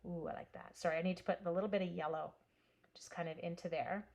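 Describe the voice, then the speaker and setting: A woman's voice: fairly low pitch, steady tone, quick pace, a little mellow. Chatty woman in her forties crafting live. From Canada. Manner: chatty storyteller, answering viewers by name. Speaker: crafter and schoolteacher hosting a stamping stream. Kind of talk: casual live craft stream chat.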